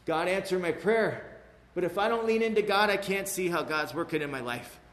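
A man's voice: high voice, brisk, a bit bright. A man in his forties giving an emotional, rambling personal testimony to a recovery meeting, often asking "you know what I mean". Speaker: speaker sharing at a recovery meeting. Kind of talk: personal testimony to a live audience. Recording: echoey hall with faint room noise.

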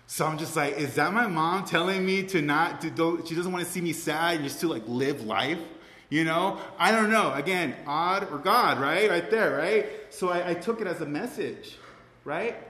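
A man's voice: fairly high pitch, normal speed, pushed and bright. A man sharing his recovery story with a group, rambling and emotional, often saying "you know" and "right". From Cuban family. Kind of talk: personal testimony to a group. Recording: echoey hall with faint room noise.

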